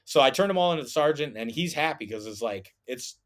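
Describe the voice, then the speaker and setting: A man's voice: medium pitch, lively intonation, fast talker. A man and former soldier telling a story on a podcast in a casual, rambling way, with lots of fillers and restarts.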